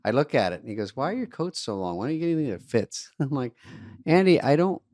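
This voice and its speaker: A man's voice: mid-range voice, big pitch swings, fast, a little mellow, dry recording. A man co-hosting a comedy podcast, chatting casually in a dry, wry way. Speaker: podcast co-host.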